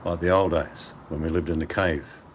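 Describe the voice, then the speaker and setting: An older Australian man with an extremely low, fairly even voice chats at a moderate pace, a little hiss or hum underneath. He's a hangout participant on a phone video call over mobile data, at home by a fireplace, trading laid-back, rambling, blokey banter.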